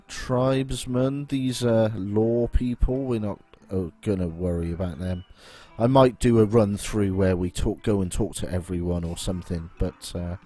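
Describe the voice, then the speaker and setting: A man's voice: fairly low pitch, dark tone. A man giving casual, musing let's play commentary with hesitant fillers.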